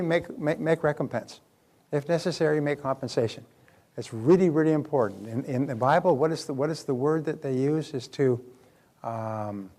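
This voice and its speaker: A man's voice: mid-range voice, darkish tone. Emphatic older man lecturing a seminar. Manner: emphatic, asks the audience rhetorical questions. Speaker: motivational seminar speaker.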